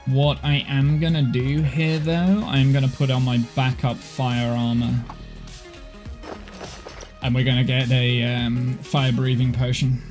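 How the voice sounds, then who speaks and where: A man's voice: mid-range voice, flat delivery, unhurried, darkish tone. Male streamer, tired, chatty and apologetic, rambling with restarts, music faintly in the background. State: tired, overheated. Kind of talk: casual live-stream gaming chat. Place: home office.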